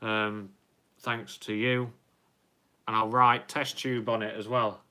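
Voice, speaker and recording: Speaking slowly in a low, bright, smooth voice, a young man chats through a live stream and reads viewer comments aloud. His tone stays even and flat as he rambles, full of ums and restarts.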